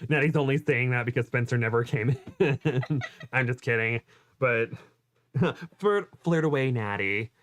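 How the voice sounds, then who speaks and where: A man's voice: medium pitch, a little slow. Laughing man reading a book aloud. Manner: laughing often, self-deprecating asides. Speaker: co-host reading a fan-fiction book aloud. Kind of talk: casual chat and playful reading aloud.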